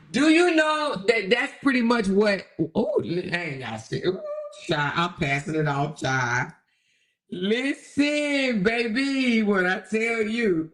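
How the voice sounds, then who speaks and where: Woman, livestream commentary host, lively swooping voice, animated, exclamatory, chatty. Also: medium pitch. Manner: animated, exclamatory, talks straight to viewers; reads viewer comments aloud.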